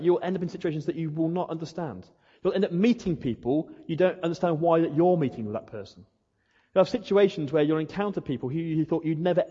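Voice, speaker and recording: A man's voice: fairly high pitch, dark tone, slightly rough. A man preaching a sermon, acting out questions and prayers in a rhetorical way. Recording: dull echoey hall.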